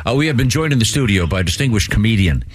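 A man's voice: fairly low pitch, expressive, racing, slightly rough, no room sound. A man hosting a radio show in a studio, wry and playful. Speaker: host.

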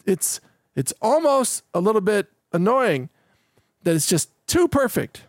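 A man hosts his own podcast in a loose, rambling monologue. He repeats words, breaks off mid-thought and chuckles between points, and his voice sits a little high. The recording is dry and close, with no room sound. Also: sing-song, slow, no room sound. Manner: rambling, self-interrupting with repeated words and restarts. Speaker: podcast host. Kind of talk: casual solo podcast monologue.

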